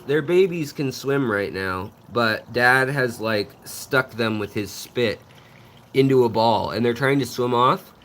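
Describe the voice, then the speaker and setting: A man hosting a casual home vlog, showing his aquariums indoors, talking in a relaxed, rambling way with lots of fillers and restarts, keen on his fish. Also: mid-range voice. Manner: enthusiastic about the fish. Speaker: fishkeeping channel host. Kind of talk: casual vlog tank tour.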